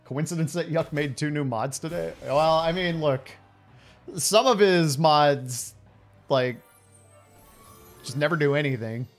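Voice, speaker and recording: Faint music plays behind a man in his late thirties who is streaming a game and casually bantering with chat, teasing viewers and laughing a lot. His voice sits on the high side, and he takes his time, pausing often.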